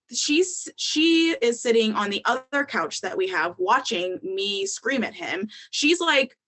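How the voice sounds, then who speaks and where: A woman's voice: a little high, pushed and bright. A young adult woman, a podcast guest, telling her story in candid casual talk, with frequent ums and likes.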